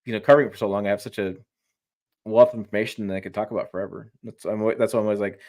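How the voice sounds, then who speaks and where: A man's voice: on the low side, fairly even intonation, racing, darkish tone. A man talking trucks as a journalist guest in a casual live-stream chat, emphatic and rambling, often restarting his sentences.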